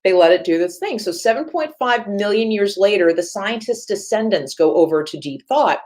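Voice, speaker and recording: A woman's voice: medium pitch, moderate pace. A woman who works as a reference librarian, giving a chatty panel talk and telling stories that act out the voices of the people in them. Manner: lively storytelling, acts out quoted voices; chatty, self-correcting asides.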